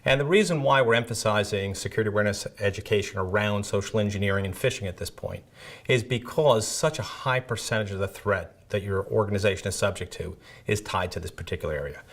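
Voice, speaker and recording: A man with a fairly low voice hosts a security awareness training episode. He talks casually and joshes at his own expense, tossing in "right?" every few sentences. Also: fast talker. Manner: conversational, self-deprecating, peppered with "right?". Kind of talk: educational video presentation.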